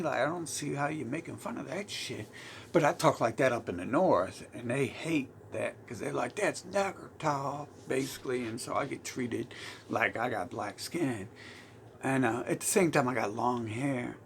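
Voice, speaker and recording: A man with a Southern US twang rambles through a heated, profane rant, often restarting his sentences. His voice has a rough, gravelly edge and sits at a mid pitch. Faint noise hums behind him. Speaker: vlogger. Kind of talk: rambling monologue.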